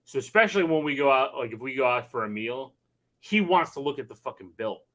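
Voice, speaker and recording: A man with a bright, ringing voice chats on a podcast. He tells loose, animated stories about his kids and swears freely, with an ordinary middle pitch. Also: fairly quick. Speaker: podcast co-host. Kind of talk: casual chat.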